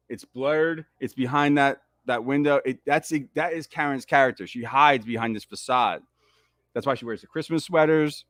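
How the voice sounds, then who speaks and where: A man hosting a live movie commentary, riffing excitedly and swearing as he reacts. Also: medium pitch, dry recording. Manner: excitable, profane fan riffing.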